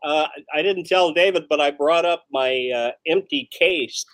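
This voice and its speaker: A man chatting as a guest, recalling stories in a halting, hesitant way. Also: a little high, fairly bright tone, no echo. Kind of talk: casual chat.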